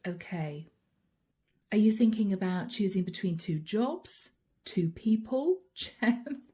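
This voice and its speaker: A woman's voice: medium pitch, lively intonation, slow, warm tone. A woman giving a chatty channeled tarot reading to camera, laughing often and voicing her listeners' inner thoughts. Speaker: tarot reader.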